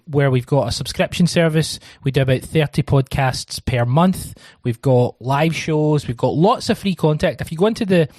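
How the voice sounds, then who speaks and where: A man's voice: mid-range voice, darkish tone, no echo, clean studio sound. A man hosting a casual podcast, chatty and rambling with lots of ums and uhs. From Scotland. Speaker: podcast host.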